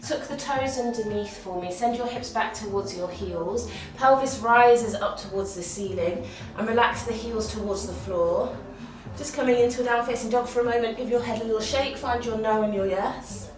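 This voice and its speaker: A woman's voice: fairly high pitch, moderate pace. Woman coaching a workout, roomy sound. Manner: encouraging, counting reps aloud. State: slightly out of breath. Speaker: fitness instructor. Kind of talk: guided workout instruction. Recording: roomy, from far off, faint music.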